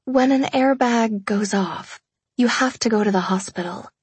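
A powerful husband, curt and used to giving orders, softening now and then, as a woman narrator voices him. The breathy voice sits a touch lower and stays dry and close, a storybook tough man. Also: a little slow, no echo. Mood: firm. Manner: curt, commanding. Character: commanding wealthy husband, cold but tender.

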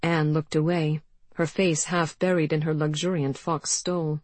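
A woman reading an audiobook in an even, measured storytelling manner. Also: low voice, dry recording. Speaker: audiobook narrator. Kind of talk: scripted narration.

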